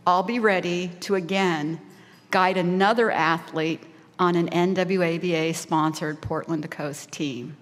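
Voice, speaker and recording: A woman in her sixties giving a heartfelt prepared speech as a volunteer at a fundraising lunch. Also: medium pitch. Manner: heartfelt, emotional, tearing up at times. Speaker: volunteer speaker. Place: large banquet hall. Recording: reverberant hall PA.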